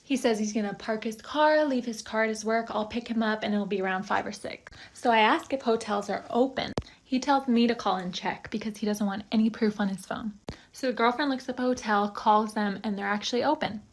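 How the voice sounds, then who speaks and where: A young woman with a slightly high voice tells a story straight to camera. She narrates in a chatty, animated way and reads out text messages as she goes. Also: fairly quick. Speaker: social media creator exposing cheaters.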